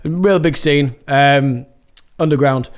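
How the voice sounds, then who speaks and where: A man's voice: a little high, slow pace. A man in his thirties with a Yorkshire accent, a guest telling stories in a casual podcast chat, chatty and swearing freely. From England.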